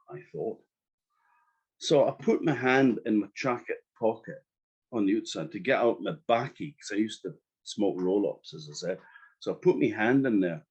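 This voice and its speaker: A man's voice: lowish voice, husky. A man from Orkney with an Orcadian accent telling a folktale in the first person, chatty and wry, with asides to the listeners, in a dull lo-fi recording. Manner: lively, conversational, wry asides to the audience. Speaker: storyteller. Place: evening storytelling event.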